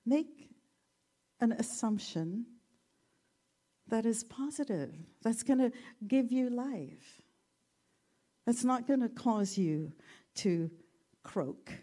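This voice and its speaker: Soft-spoken woman teaching, slow and unhurried, warm mellow tone. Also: fairly high pitch, expressive. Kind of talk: reflective talk with a story.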